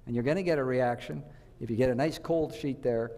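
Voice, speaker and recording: A man's voice: mid-range voice, brisk, warm tone, big-room sound. A man giving a health talk to a church audience, telling stories and quizzing his listeners. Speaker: health speaker.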